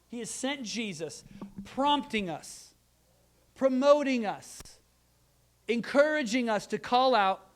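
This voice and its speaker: A man in his thirties preaching a sermon, earnest, moving between loud emphasis and quiet, soft asides. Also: extremely high pitch, expressive, slow, pauses often. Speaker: pastor.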